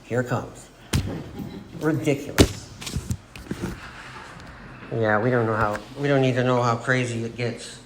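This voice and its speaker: Speaking in a steady, mid-range voice at a measured pace with long pauses, a forties-aged man tells an AA meeting about his recovery. He rambles, laughs at his own expense and acts out people's words, recorded in an echoey meeting room with background noise.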